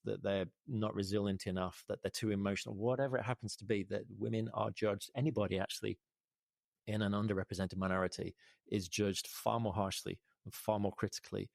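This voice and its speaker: A man's voice: lowish voice, darkish tone, no echo, studio quality. A man speaking as a podcast interview guest, emphatic and full of rhetorical questions.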